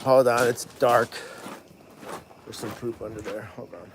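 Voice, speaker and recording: A man caring for animals at a sanctuary, chatting casually and excitedly on a livestream and thanking donors as he goes. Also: mid-range voice, a little slow, a little hiss or hum. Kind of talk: casual live-stream chat.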